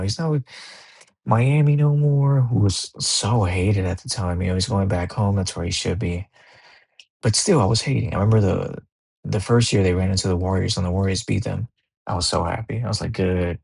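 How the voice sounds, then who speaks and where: A young man hosting a casual podcast, telling sports stories in a loose, profane, animated way. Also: low voice, creaky, breathy edge. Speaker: podcast host. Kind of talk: casual monologue.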